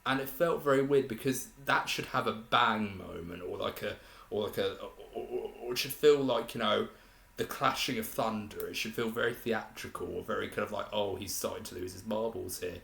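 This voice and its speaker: A man's voice: on the low side, normal speed, gravelly, a bit bright. A young man reviewing a film in casual, rambling talk, full of fillers and restarts. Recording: roomy echo in a room.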